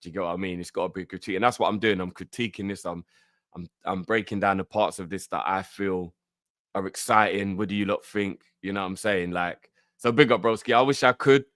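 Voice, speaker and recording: Excitable fan streaming live. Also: male voice, low voice, a little fast, no echo, clean studio sound. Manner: excitable, slangy, emotional. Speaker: fan channel host.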